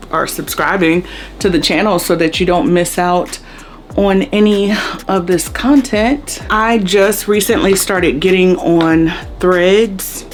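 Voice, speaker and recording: A woman doing a casual makeup chit-chat video, talking in a chatty, relaxed way with slangy asides. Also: mid-range voice. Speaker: beauty vlogger.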